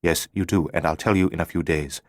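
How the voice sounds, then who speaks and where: A man's voice: sits low, fairly even intonation, fairly quick, no room sound, clean studio sound, natural voice. A man playing an urgent, secretive male stranger in an audiobook, giving terse instructions.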